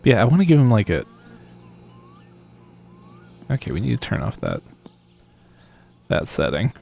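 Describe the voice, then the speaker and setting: Here a man with a mid-range, slightly mellow voice and noticeable vocal fry streams a game live. His chat is casual and meandering, full of self-deprecation and frequent chuckles.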